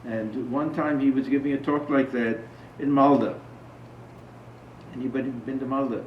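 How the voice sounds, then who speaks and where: A man with a medium-pitched, steady voice gives an informal spiritual talk to a small gathering at a normal pace, with a little hiss or hum. Conversational in manner, he tells stories and asks his audience questions. The sound is roomy, distant and dull.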